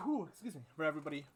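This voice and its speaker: A man narrating as game master, with loose, halting delivery, frequent ums and throat clearing. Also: high-pitched, very noisy.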